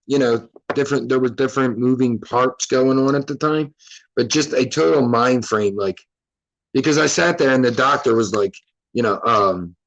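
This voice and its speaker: A man hosts his own show and tells a long personal story in a casual, rambling way. He curses freely and breaks off his sentences to start again. His voice sits at an ordinary middle pitch for a man. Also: poor audio. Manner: loose, rambling, profane and self-interrupting. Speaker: podcast host.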